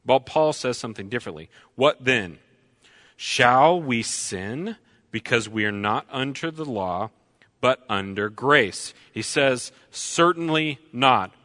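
Slow bright-voiced male preacher. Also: lowish voice. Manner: slow and deliberate, repeats key lines for emphasis. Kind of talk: sermon.

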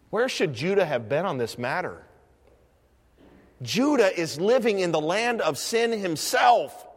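A man preaching a sermon, swinging between loud, high proclaiming and hushed, low asides. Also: big pitch swings, measured pace. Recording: long reverb of a church hall.

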